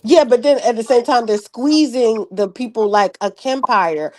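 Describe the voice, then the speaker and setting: A woman's voice: fairly high pitch, moderate pace, a little mellow. A woman co-hosting a podcast, chatting casually with lots of filler words and restarts. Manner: rambling, many filler likes. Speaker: podcast co-host. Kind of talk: casual chat.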